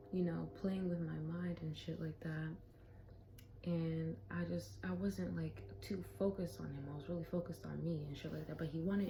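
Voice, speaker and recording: A young woman recounts a personal story in a loose, candid vlog style. Her voice sits a little low and sounds soft and mellow. She swears freely and now and then drops into a whisper, over a faint background hum. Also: poor audio. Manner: candid, profane, animated storytelling with whispered asides. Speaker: vlogger. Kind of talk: casual storytelling.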